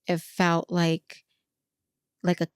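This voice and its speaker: A woman's voice: lowish voice, completely flat delivery, takes it slowly, smooth, no echo, clean studio sound. A woman in her forties hosting a podcast, chatting expressively and laughing often. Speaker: podcast host. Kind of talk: casual podcast interview.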